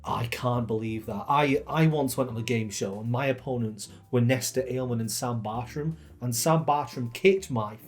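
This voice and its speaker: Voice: medium pitch, moderate pace, hardly any pauses. A co-host joking and bantering casually while reading out patron names. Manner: playful, giggly.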